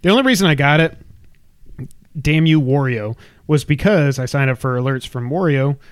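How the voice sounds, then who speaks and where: A man's voice: fairly high pitch, animated, normal speed, clear, resonant tone, no echo, studio quality. Laughing, rambling podcast host, a man. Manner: rambling, laughs often, tells stories with acted quotes. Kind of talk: casual podcast chat. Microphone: headset.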